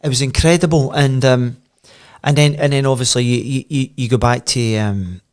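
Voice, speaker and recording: A middle-aged Scottish man, a former footballer and podcast guest, telling animated anecdotes in casual chat. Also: medium pitch, moderate pace. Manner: animated anecdotes, voice swells when telling the story.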